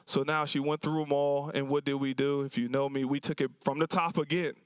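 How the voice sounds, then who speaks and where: A man's voice: medium pitch, level tone, brisk, clear, resonant tone, dry recording. A man who runs a cafe, speaking at a symposium and telling stories about his customers in a casual, colloquial way, acting out their lines. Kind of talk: storytelling talk to an audience. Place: university symposium event.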